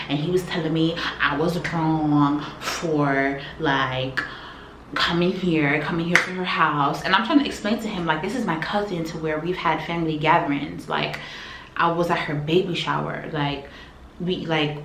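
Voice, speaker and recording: A woman vlogger telling a personal story in a casual, animated, slangy way that swings between loud and quiet. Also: sits low. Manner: animated, slangy retelling, shifts loudness. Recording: echoey room, faint background hum.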